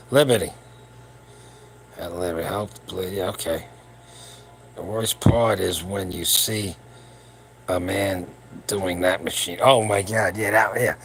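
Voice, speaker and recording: Late at night, a seventy-something man livestreams for his powerlifting channel from home while his wife sleeps close by, talking crudely, rambling and joking. He has a lowish voice with a bright, forceful tone, and there's slight background noise.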